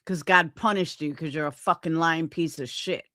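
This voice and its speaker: A woman in a heated stream argument, combative and profane, laying out her point deliberately. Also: deep voice, fairly even intonation, pushed and bright, no echo, clean studio sound.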